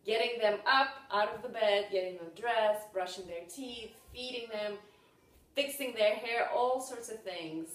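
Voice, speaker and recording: A woman speaking in an earnest, steady way, calmly listing the details of her daily routine. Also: fairly high pitch, measured pace. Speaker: mother and yoga practitioner. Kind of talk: casual reflective talk. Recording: roomy, from a distance.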